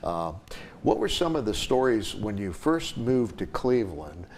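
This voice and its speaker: An older man hosting an interview talk show, full of fillers and quick agreeing remarks. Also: fairly low pitch, big pitch swings, creaky, a little mellow, slight background noise.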